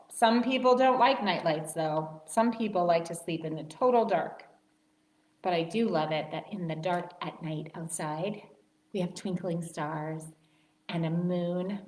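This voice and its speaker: A woman librarian reading a picture book aloud to children, slow and expressive. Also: fairly low pitch. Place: library story time room. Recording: roomy library room.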